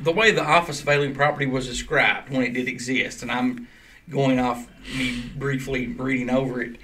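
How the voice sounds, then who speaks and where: A man's voice: mid-range voice, steady tone, normal speed, bright, forceful tone, slight background noise. A man hosting a casual podcast, explaining at length in a loose, chatty way. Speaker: podcast host. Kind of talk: casual chat.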